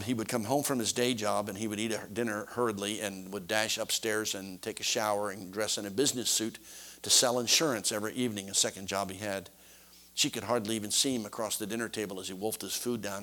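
A man preaching a sermon, telling a story in a folksy, animated way. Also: fairly low pitch, brisk.

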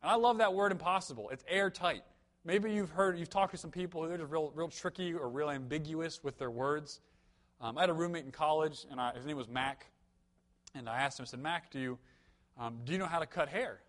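A man's voice: a little high, fairly quick, a bit bright. Conversational young man preaching a sermon. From United States. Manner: conversational, storytelling with humor and emphatic peaks.

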